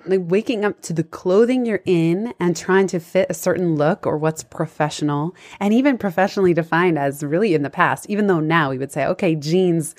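A woman's voice: fairly low pitch, darkish tone. A woman who works as a life coach, hosting a conversational interview over a video call and talking in an enthusiastic, reflective way.

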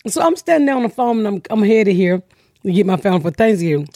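A woman's voice: mid-range voice, sing-song, fast, dark tone, no room sound, studio quality. A woman podcast host telling brash, profane stories in casual comedic chat, acting out the people she quotes.

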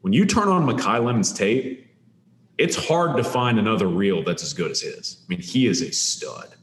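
A man's voice: fairly low pitch, lively intonation, normal speed, echoey room. A man co-hosting a sports podcast, talking up players emphatically, with frequent restarts. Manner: emphatic, enthusiastic, hedging restarts. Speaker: recruiting analyst co-host. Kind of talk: casual sports podcast chat.

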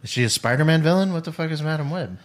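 Man, podcast co-host, jokey, lively higher voice. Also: racing. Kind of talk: casual chat.

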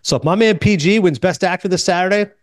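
A man hosting a casual movie podcast, telling stories quickly and acting out the people he quotes. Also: high-pitched, no room sound, clean studio sound. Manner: fast, animated storytelling with quoted voices. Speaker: podcast host.

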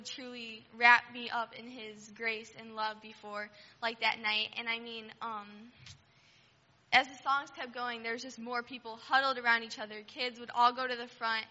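Bright-voiced teen girl giving a testimony. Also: fairly high pitch, big-room sound, highs cut off. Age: teens. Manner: heartfelt testimony, with fillers like "um" and "like". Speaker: church youth member.

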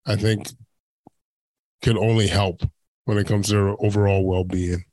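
A man hosting a podcast interview, affirming his guest's points in a measured, halting way. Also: on the low side, level tone, a little mellow, no room sound. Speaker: podcast host.

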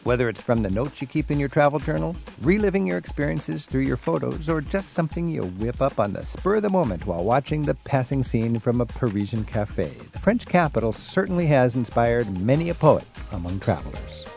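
American radio host guy, friendly and jokey, gravelly voice. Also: mid-range voice, very animated, a little fast, few pauses, a little mellow, faint music behind. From United States. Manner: friendly, joking interviewer. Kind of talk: radio talk show.

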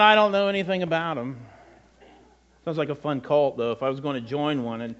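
Middle-aged male pastor, high voice, chatty sermon style, slightly dull lo-fi sound. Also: fairly quick, a bit bright. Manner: conversational, self-deprecating asides and repetitions.

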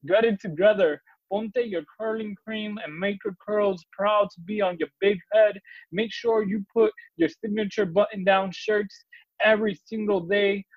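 Brief: forceful, profane male poetry reader, high voice, dull lo-fi sound. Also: steady tone, normal speed, no room sound. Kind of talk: reading a poem aloud.

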